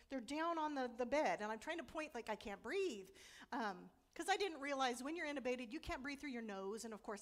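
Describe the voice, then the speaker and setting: Middle-aged woman, conference speaker; bright-ish register, frank and laughing as she tells her story. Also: fairly high pitch. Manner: candid storytelling with frequent laughs. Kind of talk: personal testimony talk.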